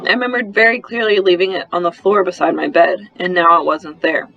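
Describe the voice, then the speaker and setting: A man narrating a first-person children's story in an expressive, brisk storytelling manner, on a slightly muffled recording. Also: sits high, vocal fry, slight background noise. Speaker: audiobook narrator.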